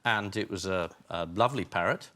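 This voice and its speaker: A British man on a comedy panel, telling self-mocking stories in a deadpan way. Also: lowish voice, fairly quick, slight background noise. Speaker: panel show regular. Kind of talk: casual comic banter.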